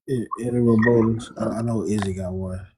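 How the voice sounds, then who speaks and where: A man's voice: on the low side, steady tone, fairly quick, noisy background. A man from the US moderating and arguing on a live debate panel, casual and dismissive.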